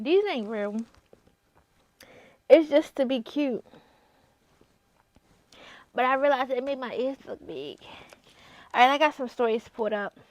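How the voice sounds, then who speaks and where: Tipsy woman host, high voice, brash and profane, sings bits, dry slightly dull recording. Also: no echo. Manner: loud, playful, swears freely, breaks into singing. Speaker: podcast host. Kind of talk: casual solo podcast chat.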